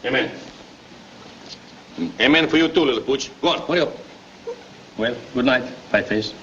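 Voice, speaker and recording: An actor playing a hot-tempered but big-hearted Italian immigrant grocer, speaking broken English with an Italian accent and Italian phrases. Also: male voice, mid-range voice, normal speed, a bit bright, lightly acted. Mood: tender. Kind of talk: 1930s film acting. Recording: dull scratchy 1930s film soundtrack.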